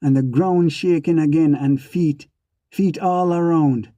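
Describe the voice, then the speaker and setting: A man's voice: on the high side, a little slow, mellow, no room sound, muffled recording. A man narrating an audiobook in first person, with a rhythmic, repeating delivery. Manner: rhythmic, repeating sound words.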